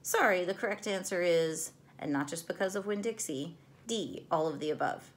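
A woman's voice: lowish voice, moderate pace, close to an everyday voice. A woman voicing an eccentric, flamboyant older male game-maker with a theatrical, playful showman delivery. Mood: showy.

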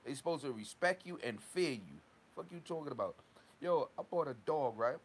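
A man's voice: medium pitch, lively intonation, moderate pace, slight background noise. A man from Long Island, a dog kennel owner ranting in a casual vlog, profane and heated, tagging lines with "right?". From Long Island, New York. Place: at work, outdoors.

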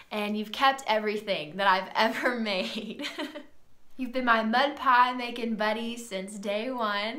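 A young woman giving a heartfelt birthday tribute to her father, reading from a list with soft laughs and a slightly tearful voice, in a sunroom at home. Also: on the high side. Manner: tender, reading from notes with frequent soft laughs. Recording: roomy echo in a sunroom.

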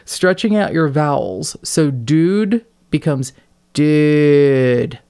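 Female podcast host, gravelly, chatty and self-deprecating. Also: rumbling low, a little slow, darkish tone. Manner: chatty, self-mocking, swearing. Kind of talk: casual chat.

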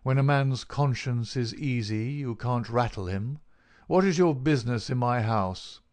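A man's voice: medium pitch, measured pace, a little mellow, lightly acted. A man voicing a big, bald, unctuous male swindler in an audiobook, his talk oily and mocking. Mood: smooth, dismissive. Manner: oily, made-everything-easy talk. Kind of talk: audiobook character reading.

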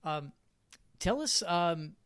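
A man with a fairly high voice hosts the interview over a video call. His sound is dry and close. He asks questions and offers short, encouraging reactions. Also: sing-song, slow pace, a bit bright, smooth, dry recording. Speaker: podcast host.

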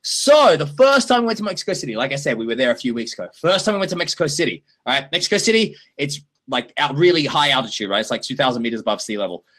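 A man hosting a livestream and answering viewer questions in a chatty, animated way, often laughing. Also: mid-range voice, fast, hardly any pauses. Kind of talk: casual chat.

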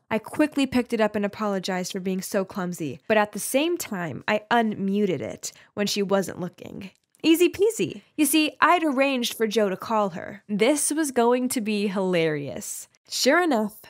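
A young woman narrating an animated story in the first person as a teenage girl, with chatty storytelling. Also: a little high.

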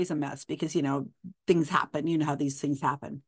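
A woman host with a deep, slightly mellow voice speaks fairly quickly in a level tone, casually explaining a story and reading passages aloud with quoted dialogue. She's chatty and restarts often. The recording is dry, with clean studio sound.

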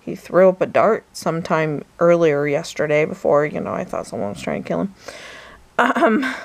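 Her voice sits on the low side, gravelly, at a moderate pace as she vlogs casually in bed at night. The story meanders, and at times she lowers to a whisper.

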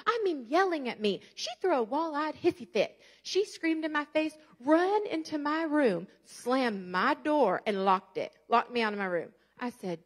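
A woman, delivering a sermon as a guest preacher. She tells her stories animatedly, keeps asking the congregation questions, and her speaking voice sits a little on the high side. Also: expressive, moderate pace, hardly any pauses.

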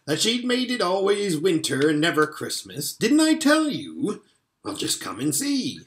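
A man reading a storybook aloud and voicing an excited male talking beaver who calls out eagerly. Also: high voice, measured pace, reverberant, voice pushed up, heavily acted. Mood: delighted. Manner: excited, shouting.

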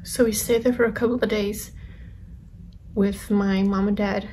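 A young woman vlogger telling a personal story in a soft, halting way that often sinks to a whisper. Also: mid-range voice, flat delivery, a little hiss or hum.

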